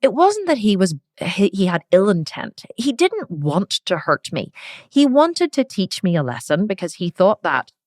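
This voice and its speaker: A middle-aged woman, hosting a podcast and telling a personal story in a frank, animated way with casual swearing. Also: mid-range voice, normal speed, no room sound, studio quality. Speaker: podcast host. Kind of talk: candid personal storytelling monologue.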